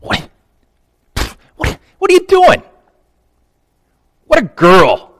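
A man preaching who puts on the voice of indignant male disciples scolding a woman, shrill and mocking. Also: wildly swooping pitch, extremely slow, fairly bright tone, slight background noise, full character voice.

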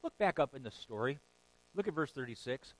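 A man preaching a sermon, telling a story with animated bursts of emphasis and chuckles. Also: medium pitch, brisk, poor audio. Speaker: pastor.

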